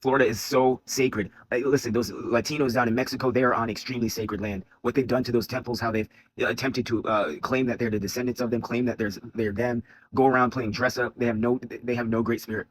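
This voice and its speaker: A man's voice: medium pitch, fairly even intonation, fast. A man delivering an angry, preachy commentary monologue, profane and repeating his phrases for emphasis. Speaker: video commentator. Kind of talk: heated religious commentary monologue.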